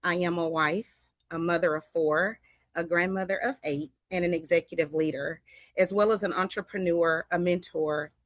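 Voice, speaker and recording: An older woman answers interview questions over a video call. She speaks in a composed, earnest and measured way. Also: fairly low pitch, no room sound. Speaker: guest, foundation founder.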